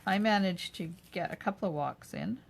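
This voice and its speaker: Narrating every step from her home craft room, an older woman hosts a live craft demo and chats back to viewer comments while she works. She speaks at a moderate pace in a mid-range voice with vocal fry.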